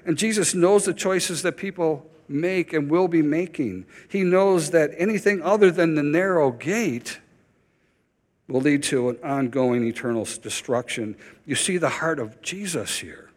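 A man's voice: on the high side, unhurried, long reverb tail. A man preaching a sermon as pastor, urgent and emphatic, repeating key phrases for weight.

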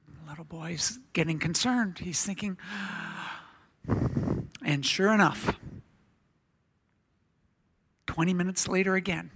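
A man who is a visiting missionary, preaching a sermon in a church, telling a story and reading scripture in a soft-spoken way. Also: a little high, expressive, moderate pace, slightly rough.

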